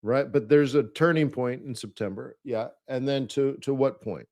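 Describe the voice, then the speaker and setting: A man's voice: medium pitch, moderate pace, a little mellow. A man hosting a live trading webinar, chatty and playful, laughing at his own jokes and mimicking people in mock voices.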